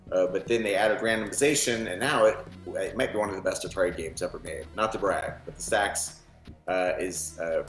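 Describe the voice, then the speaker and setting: A man, a novelist, speaking in a documentary interview, relaxed and halting with many fillers. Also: sits low. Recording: roomy echo.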